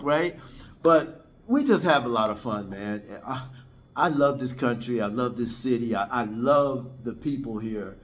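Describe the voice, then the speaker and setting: A man's voice: medium pitch, unhurried. A man from the United States, chatting casually to camera as a vlogger, rambling and repeating himself and calling viewers guys, indoors in his apartment. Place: indoors, apartment on a third floor.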